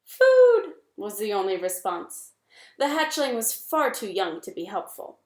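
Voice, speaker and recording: A woman reading a children's novel aloud in an expressive, measured way. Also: medium pitch. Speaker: reader. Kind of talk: storybook read-aloud. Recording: echoey room.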